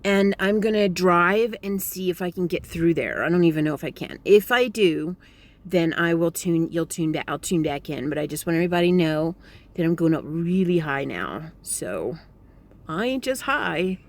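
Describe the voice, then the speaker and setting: A woman talks into her phone camera in a loose, chatty travel vlog, wandering from thought to thought and tossing in jokes. Her voice sits slightly low for a woman. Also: lively intonation, normal speed. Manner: chatty, rambling, joking. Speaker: travel vlogger. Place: in a car.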